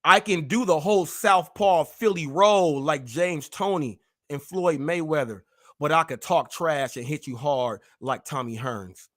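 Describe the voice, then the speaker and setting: A man hosting a live stream, boasting and trash-talking in rapid-fire wordplay. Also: fairly high pitch. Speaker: host.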